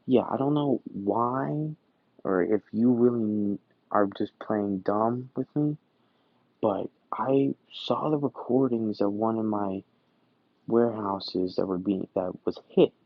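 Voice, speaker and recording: A man's voice: lowish voice, no echo. Izuku, as a man voices him, a cold arms-dealing boss. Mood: angry. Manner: calm, threatening, deliberate. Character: menacing male arms dealer crime boss, cold. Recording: dull, dry recording.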